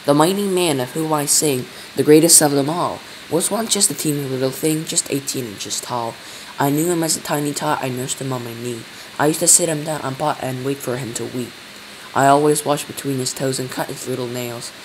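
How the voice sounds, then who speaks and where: A man's voice: mid-range voice, brisk, background noise, lightly acted. A man doing a bossy old nanny. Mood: sing-song. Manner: sing-song reciting, scolding. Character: old bossy female nanny, vice president.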